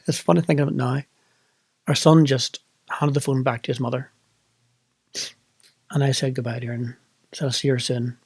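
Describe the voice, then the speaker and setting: Man, Northern Irish accent, middle-aged, husky voice, dry close sound, reflective personal storytelling. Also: mid-range voice, steady tone, normal speed, long pauses, no echo. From Northern Ireland. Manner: reflective, candid, emotional. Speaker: vlogger.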